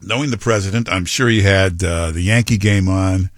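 A man's voice: sits low, normal speed, no room sound, clean studio sound. A man hosting a talk show, delivering rambling, opinionated political commentary. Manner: rambling, opinionated, with quoted impressions. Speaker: talk radio host.

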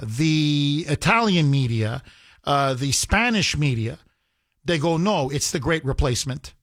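Man, radio talk host, call-in show, emphatic, heated, slightly high voice, dry studio sound. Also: a bit bright, no echo.

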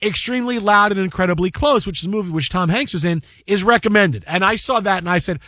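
A man with a fairly high voice, hosting a sports talk show. He rambles through stories with animated, joking energy. The recording is dry and close. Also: fast, hardly any pauses, no echo. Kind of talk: casual chat.

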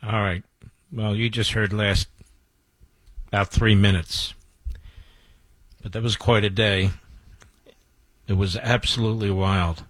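A man's voice: fairly low pitch, fairly even intonation, slow, long pauses, a bit bright, no room sound. A man hosting talk radio, speaking emphatically and boastfully and repeating key phrases for effect. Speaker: radio talk show host.

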